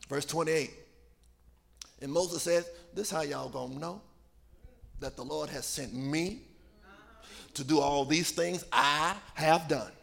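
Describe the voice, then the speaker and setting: High, gravelly preacher man shouting. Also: slow pace, long pauses. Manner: shouts and half-sings lines, calls on the congregation. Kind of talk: sermon.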